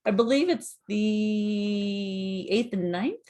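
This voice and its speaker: A woman's voice: medium pitch, warm tone. A woman in her forties, a podcast guest, chatting in a friendly way and laughing easily. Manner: friendly, quick to laugh, says yep a lot. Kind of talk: casual chat.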